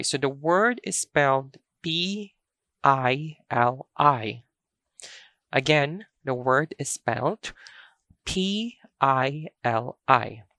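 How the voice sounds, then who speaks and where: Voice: medium pitch, fairly bright tone, no echo, studio quality. A language teacher giving a pronunciation lesson, patiently spelling words out letter by letter and repeating each example.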